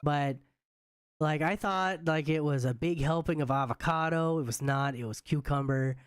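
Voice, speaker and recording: A man on a podcast chatting casually, halting and restarting often. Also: a little high, smooth, dry recording, studio quality. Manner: hesitant, many restarts and fillers. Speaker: podcast co-host. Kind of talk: casual chat.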